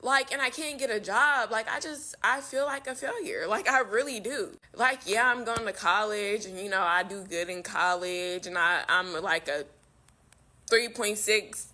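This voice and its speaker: A woman's voice: medium pitch, a little slow, bright, forceful tone. Young woman fighting back tears. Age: 20s. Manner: frustrated, swearing, self-critical. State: close to tears. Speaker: vlogger in a played clip. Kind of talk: emotional confessional vlog.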